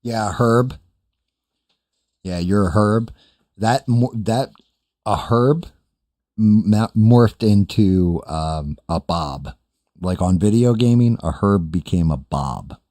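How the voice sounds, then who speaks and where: Older male streamer host, deep mellow voice, crude and self-mocking, off-the-cuff chat. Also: slow, pauses often, no room sound, studio quality. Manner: profane, rambling, self-deprecating. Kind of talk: casual chat reading live chat.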